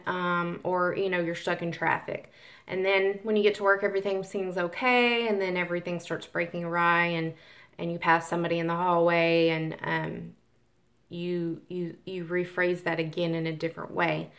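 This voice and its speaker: A woman's voice: fairly low pitch, fairly bright tone. A woman vlogging casually about manifestation, rambling with many ums and restarts and acting out grumbling complaints. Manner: acts out grumbling quotes of tired workers. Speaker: spiritual vlogger. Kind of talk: casual talk to camera.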